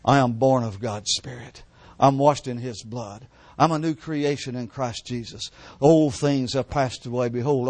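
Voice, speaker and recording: An older man delivers a sermon at a church service, recounting his own story with fervent repetition. He sinks into hushed, near-whispered lines at the emotional peaks, and the recording is dry and close. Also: medium pitch, no echo. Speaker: preacher. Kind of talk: sermon testimony.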